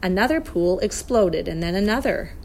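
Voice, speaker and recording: A woman narrating a children's storybook in a clear, even storytelling manner. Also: medium pitch, moderate pace, slight background noise. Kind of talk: storybook reading.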